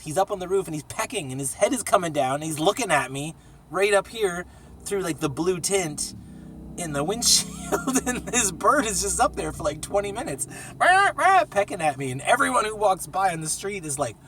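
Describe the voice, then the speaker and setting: A man's voice: high voice, fairly bright tone, recorded from a distance, a little hiss or hum. A man telling casual, profane stories in a rambling vlog from a small cramped space. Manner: profane, laid-back storytelling with sung jingle. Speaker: vlogger.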